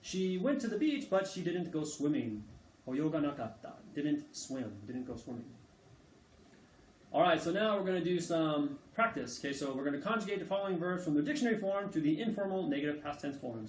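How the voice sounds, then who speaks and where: Man teaching a relaxed language lesson. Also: fairly high pitch, slight background noise. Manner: relaxed, repeats words and phrases slowly for learners; frequent fillers like okay and uh. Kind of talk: casual video lesson. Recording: echoey room, mic at a distance.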